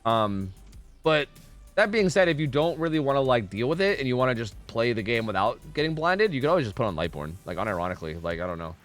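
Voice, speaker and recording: A man's voice: mid-range voice, big pitch swings, quick pace, soft background music. A man streaming a game live, giving casual commentary, swearing often and chatting with his viewers. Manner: laid-back, swears often, chats with viewers.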